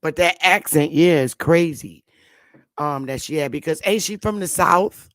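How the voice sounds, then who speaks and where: A woman's voice: low voice, measured pace, fairly bright tone, dry recording, clean studio sound. A woman hosting a casual morning talk show, rambling and blunt, with frequent swearing.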